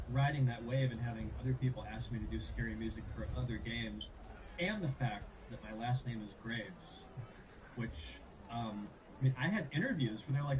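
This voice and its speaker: Chatty man, distant and noisy. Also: medium pitch. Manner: relaxed, chatty, with many fillers. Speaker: guest, game composer. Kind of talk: casual interview talk.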